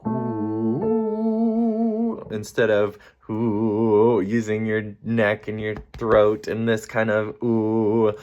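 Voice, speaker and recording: A man's voice: lowish voice, completely flat delivery, measured pace, few pauses, muffled recording. A man leading a choir rehearsal, counting beats aloud and demonstrating vocal sounds. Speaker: choir director. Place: rehearsal room with piano. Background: loud piano.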